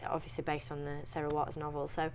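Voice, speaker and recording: A young woman with a Yorkshire accent, chatting in an interview as an actress, talking freely with restarts and quick laughs. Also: sits low, monotone, darkish tone. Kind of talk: casual interview chat.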